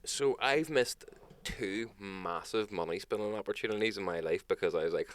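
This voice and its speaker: A young man with a Northern Irish accent, co-hosting a podcast in sweary, animated casual chat. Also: on the low side, normal speed, hardly any pauses. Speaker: podcast co-host.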